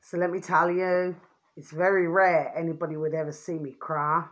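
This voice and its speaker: A woman's voice: lowish voice, little pitch movement, normal speed. A middle-aged woman, talking to camera in a rambling, casual monologue. She keeps repeating a pet phrase and swears freely. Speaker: vlogger.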